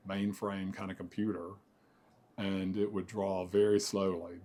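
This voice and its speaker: A man's voice: fairly low pitch, warm tone. A man in his sixties, an architect, recalling his career in a rambling, reflective way with many fillers and self-corrections. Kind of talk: oral history interview.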